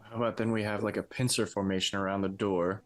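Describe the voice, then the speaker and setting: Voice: low-pitched, level tone, quick pace. A player in a tabletop role-playing game, casually asking questions and suggesting plans.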